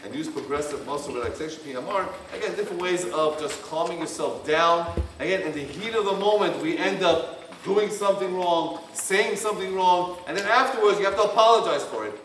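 Rabbi guy teaching a couples workshop, kinda high voice, far off the mic, echoey room. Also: a little fast, hardly any pauses, fairly bright tone. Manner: reads points aloud, then explains in plain repetitive phrasing. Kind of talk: workshop lecture. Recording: echoey room, distant from the mic, faint hum.

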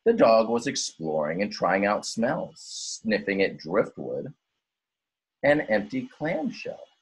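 A male teacher reading a rhyming story aloud in an expressive, sing-song way. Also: lowish voice, slow, slightly rough.

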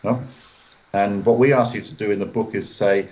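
A man with a fairly low voice answers interview questions over a video call from a hotel room. He explains in a measured, steady way and acts out short example phrases as he goes. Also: slight background noise, rough recording. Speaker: guest author and editor.

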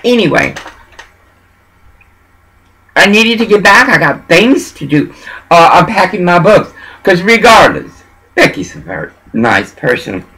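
Man, husky and high-pitched, slow rambling sermon-like vlog monologue. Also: very animated, sharp tone, low-quality recording. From Texas. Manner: preachy, meandering, emphatic.

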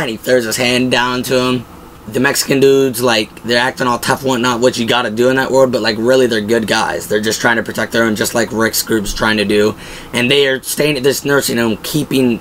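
A man's voice: mid-range voice, fairly bright tone, a little hiss or hum, low-quality recording. A young man hosting a show, giving casual, enthusiastic fan commentary in a rambling way full of fillers. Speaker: pop-culture show host.

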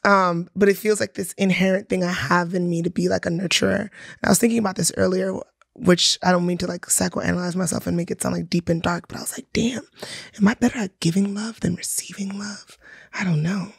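A woman's voice: fairly low pitch, fairly even intonation, fast, vocal fry, husky, no room sound, studio quality. A young woman co-hosting a podcast, reflective and thinking aloud in casual chat. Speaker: podcast co-host.

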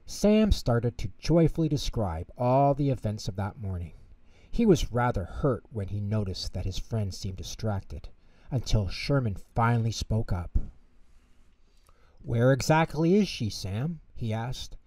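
A man narrating a bedtime story in an expressive, measured way. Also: on the low side, no echo, distant mic. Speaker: storyteller host.

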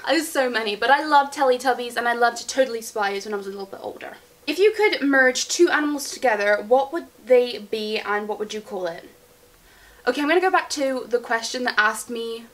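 A woman's voice: on the high side, a bit bright. A young woman chatting casually as a vlogger, giggling and rambling as she answers viewer questions. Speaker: beauty vlogger. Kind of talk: casual Q&A chat.

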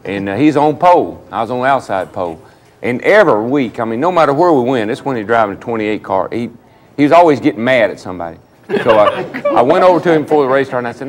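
A man, a former driver telling lively stories among old racers and acting out what people said. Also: medium pitch, a little hiss or hum. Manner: fast, animated storyteller acting out quotes.

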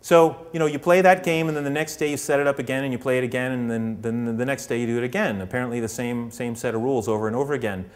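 Animated man giving a talk. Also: medium pitch, fast talker, few pauses, long reverb tail. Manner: animated, puts on voices for characters. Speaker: public speaker. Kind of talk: storytelling lecture to an audience.

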